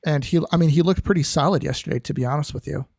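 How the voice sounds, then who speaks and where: A man hosts a hockey chat and steers it along with quick questions. His voice sits a little higher than usual for a man. The recording is dry and close. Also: vocal fry, a little mellow, dry recording. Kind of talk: casual sports chat.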